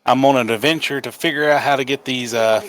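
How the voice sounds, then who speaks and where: A man introducing his character at a tabletop game, halting and full of fillers. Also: mid-range voice, fairly even intonation, a bit bright, a little hiss or hum. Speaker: player.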